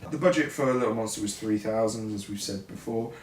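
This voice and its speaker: A man's voice: fairly low pitch, a little fast, slight background noise. A man co-hosting a vlog, chatting candidly with jokes and a few stammered restarts. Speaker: filmmaker and co-host. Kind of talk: casual chat. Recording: roomy echo, distant mic.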